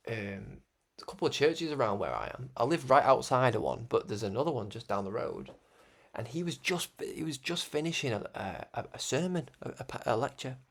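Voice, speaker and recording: A young man hosting a religious broadcast, talking in a rambling, animated way with frequent laughs. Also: mid-range voice. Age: young adult. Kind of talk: casual spoken monologue.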